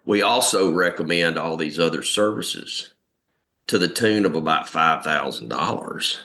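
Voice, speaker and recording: Very deep, gravelly-voiced man telling a casual, frank story. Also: unhurried, bright, forceful tone. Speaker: recovery meeting member.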